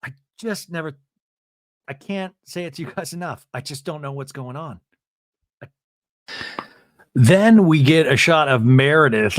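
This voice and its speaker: A man's voice: fairly high pitch, unhurried, pauses often, no echo, studio quality. A man hosting a comedy podcast, recapping a reality show and mimicking the cast in exaggerated voices. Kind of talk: comedic recap with mock quotes.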